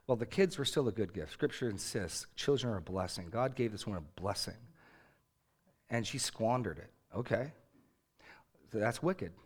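A man's voice: lowish voice, expressive, normal speed, husky. A man in his thirties preaching a sermon in an earnest, conversational way, rising emphatically on key points. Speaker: pastor.

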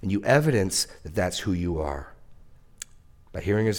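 Lower-voiced man preaching a sermon. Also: animated, normal speed. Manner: earnest, repeats words, rises and drops in pitch for emphasis. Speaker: pastor.

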